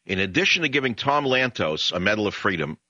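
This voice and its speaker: A man's voice: on the low side, very animated, fast talker, sharp tone, no room sound, highs cut off. A man hosting a talk radio show, delivering a combative monologue in bombastic bursts. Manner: bombastic, rising to emphatic peaks.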